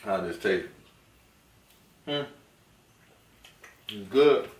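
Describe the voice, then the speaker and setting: Relaxed father vlogging from an echoey room. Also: on the low side, very slow. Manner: relaxed, playful, often softly spoken. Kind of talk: casual mukbang chat with his baby. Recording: echoey room, mic at a distance, faint noise.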